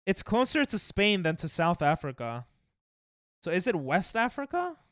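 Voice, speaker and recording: Young streamer chatting w/ chat, bouncy voice, smooth and clean, laughs a lot. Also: medium pitch, big pitch swings, moderate pace, fairly bright tone, no room sound, studio quality. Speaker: Twitch streamer. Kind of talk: casual live-stream chat with viewers.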